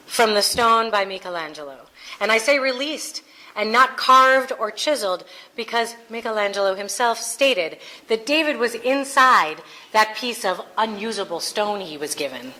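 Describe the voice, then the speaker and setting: Bright-voiced woman giving a sermon. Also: medium pitch, low-quality recording. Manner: earnest, conversational, with playful asides. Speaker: minister.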